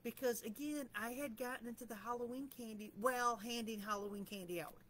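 A woman's voice: fairly high pitch, brisk, fairly bright tone, slight background noise. A middle-aged woman talking in a casual, candid and self-deprecating way as she reflects in her vlog. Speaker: vlogger.

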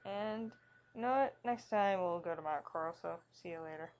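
A woman's voice: on the low side, moderate pace, darkish tone, muffled recording. A woman giving casual, jokey commentary as she plays through a game, reading its text aloud with wry asides. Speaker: let's play host.

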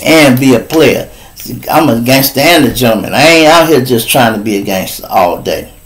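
This man hosts a live street show and shares a profane, slang-heavy tale, alternating loud bursts with hushed asides. He sounds animated and talks at a normal speed, though the audio is poor.

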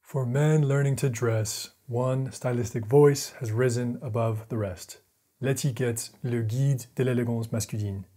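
A man's voice: medium pitch, fairly even intonation, measured pace, dark tone. A man narrating a video essay, shifting between playful self-mockery and dramatic storytelling.

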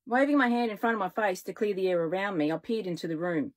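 A woman children's author reading aloud from her own stories, with lively, expressive storytelling. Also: medium pitch, fast.

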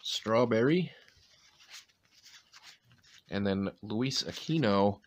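A deep-voiced man with a light New England accent rattles off player names between chatty asides as he opens card packs. His throat is a little sore, and he keeps clearing it. Wrappers rustle faintly in the background. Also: measured pace, long pauses, fairly bright tone, slight background noise. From Maine, USA. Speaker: card-opening channel host. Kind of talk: casual pack-opening commentary.

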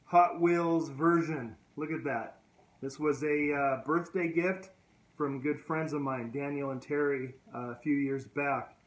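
A man hosting a vlog, casually retelling a movie scene in an unhurried way with frequent pauses. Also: mid-range voice. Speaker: vlog host. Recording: roomy echo.

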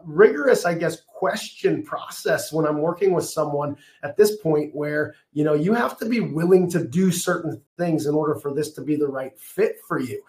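A man in his thirties giving a passionate, fast, emphatic webinar presentation from his office, his voice a bit strained. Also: sits high, echoey room. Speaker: functional medicine practitioner presenting a webinar.

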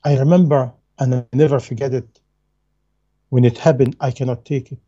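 A man's voice: mid-range voice, steady tone, normal speed, warm tone, husky, muffled recording. A man giving a religious lecture in non-native English, earnest and emphatic, repeating his key phrases. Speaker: Islamic lecturer.

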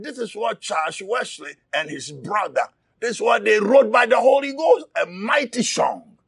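A man preaching a fiery sermon, shouting and crying out, repeating his words as he presses his listeners. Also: extremely high pitch, vocal fry, husky, no room sound, studio quality.

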